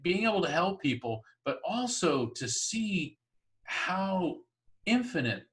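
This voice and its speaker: A man, a psychic medium, chatting in an interview and telling lively stories with frequent laughs. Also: high-pitched, slow pace. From Florida, US. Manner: chatty, laughs often, animated storyteller. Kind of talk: storytelling in an interview.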